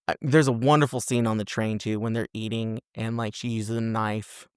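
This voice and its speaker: A man's voice: fairly low pitch, normal speed, hardly any pauses, clear, resonant tone, dry recording, clean studio sound. A man co-hosting a casual film review podcast, recapping a plot and acting out its characters in exaggerated voices. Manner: animated storyteller, acts out characters with exaggerated voices. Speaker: podcast co-host.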